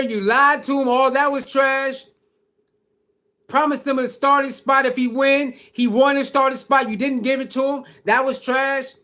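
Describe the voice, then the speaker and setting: A man with a strikingly high voice delivers reaction commentary on football. He talks in heated, slangy bursts and keeps circling back to the same points. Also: a bit bright. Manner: heated, slangy ranting with repetition. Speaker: sports commentator.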